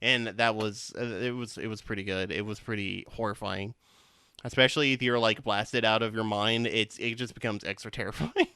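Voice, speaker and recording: Rambling young podcast host, smooth voice. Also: male voice, lowish voice, fairly even intonation, moderate pace, bright, forceful tone, no echo, studio quality. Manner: rambling, swears a lot, restarts. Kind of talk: casual podcast chat.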